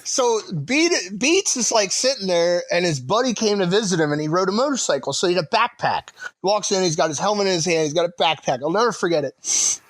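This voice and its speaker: Male veteran co-host, thirties: salty, animated storyteller, a bit high-pitched, dry close-miked read. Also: brisk, dry recording. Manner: profane, animated anecdotes with laughter. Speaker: podcast co-host, Marine veteran. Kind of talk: casual storytelling chat.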